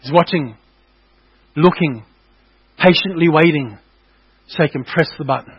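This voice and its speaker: A man with a notably high voice preaches to his congregation, hammering his points home through repetition. He speaks as a pastor in a church service. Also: a little slow, breathy edge, highs cut off. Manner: emphatic, repetitive exhortation to the congregation. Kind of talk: sermon.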